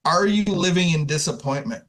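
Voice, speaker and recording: A man's voice: on the high side, moderate pace, fairly bright tone. A man giving an informal spiritual talk to a recovery community, conversational, often repeating words and restarting. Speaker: speaker sharing at a recovery community.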